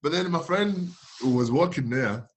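A man's voice: on the high side, moderate pace. Laughing man telling stories. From France. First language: French. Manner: animated storytelling, acts out dialogue, laughs often. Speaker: guest, former footballer. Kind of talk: casual chat.

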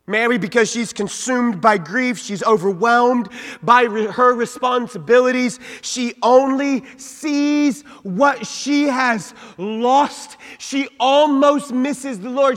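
Pastor guy preaching, really high voice, goes quiet then loud, big echoey church. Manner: preaching with swings from soft asides to shouted peaks; reads scripture in old-fashioned wording. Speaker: senior pastor. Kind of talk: sermon. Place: church sanctuary. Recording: long reverb of a large church hall.

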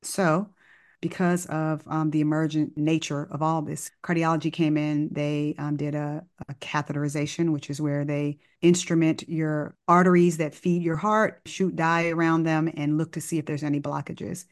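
Woman doctor, low voice, casual storyteller who slips into voices for the people in her story. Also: moderate pace. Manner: animated, acts out dialogue in the story; casual, informal wording. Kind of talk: conversational storytelling.

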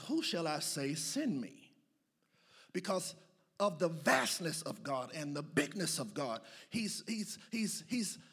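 This preacher's voice sits high, with a gravelly, fry-edged texture. His sermon moves in rhythmic waves, building into chanted, near-shouted call-and-response cries to the congregation, with loose, joking asides dropped in between.

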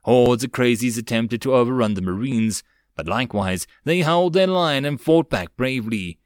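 A man's voice: medium pitch, lively intonation, moderate pace, dry recording. Man narrating an audiobook, dry sound. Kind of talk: web novel audiobook reading.

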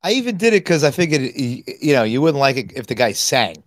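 Podcast co-host: lively-voiced man, teasing, fumbles for words, dry close sound. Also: medium pitch, quick pace, no echo. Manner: teasing, hesitant, with many fillers. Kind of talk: casual chat.

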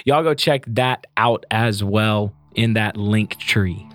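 A man, hosting a podcast in relaxed, laughing banter. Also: on the low side, takes it slowly, no echo. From US South. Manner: laid-back, laughing, bantering. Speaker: podcast host. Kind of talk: casual podcast chat.

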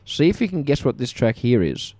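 A man's voice: medium pitch, big pitch swings, brisk, mellow, no room sound. A man co-hosting a comedy podcast with jokey quiz-host patter.

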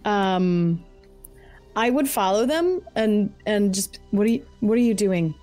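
A woman playing a tabletop game in a dry, deadpan, mock-polite manner. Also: medium pitch, unhurried, faint music behind. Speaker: player. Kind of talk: casual tabletop play.

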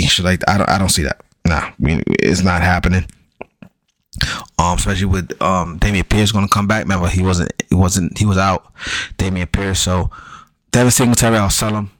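A man's voice: deep voice, a bit bright, no room sound, poor audio. A man talking loosely and casually through fantasy football advice, slangy and repetitive, with frequent ums and the odd curse.

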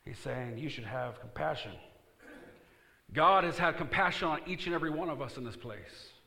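Animated preacher with a bright, cutting tone who reads scripture aloud and gets the room to call back. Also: male voice, a little high, moderate pace, creaky, roomy sound. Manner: animated, swings from quiet asides to loud emphatic outbursts; reads scripture aloud and calls on the congregation to respond. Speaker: pastor. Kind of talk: sermon.

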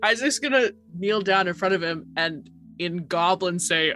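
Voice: mid-range voice, moderate pace, pushed and bright, faint music behind. A player in a tabletop role-playing game, talking cheerfully and laughing often.

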